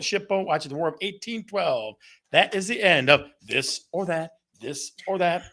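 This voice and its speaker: Upbeat gravelly-voiced male livestream host. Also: high-pitched, lively intonation, moderate pace, fairly bright tone. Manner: upbeat, playful, reads out viewer comments. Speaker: host of a real estate live show. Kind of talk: casual livestream chat with viewers.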